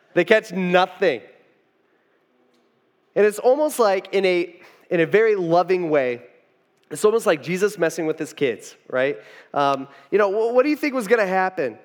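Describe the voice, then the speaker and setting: A man's voice: sits high, long reverb tail. A man preaching a sermon in a loose, conversational way, full of informal asides and restarts. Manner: informal, rambling with frequent "you know" asides. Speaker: pastor.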